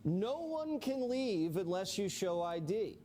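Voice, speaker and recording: High-voiced man doing mock news. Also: sing-song, takes it slowly, dark tone, a little hiss or hum. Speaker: news-parody narrator.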